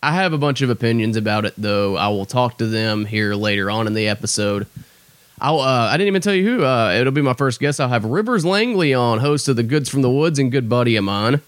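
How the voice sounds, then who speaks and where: Man, comedy podcast host, casual joking monologue, very animated pitch, dry close sound. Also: fairly quick, no echo. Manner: jokey, swings between excited and mock-tearful.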